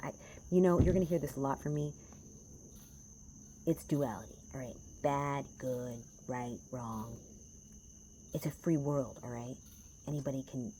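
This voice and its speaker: A woman's voice: extremely low pitch, a little mellow, a little hiss or hum. A woman who reads tarot, talking to her viewers in a passionate, rambling and profane way, at home in a small house in the woods. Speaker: tarot reader. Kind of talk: casual vlog talk to viewers.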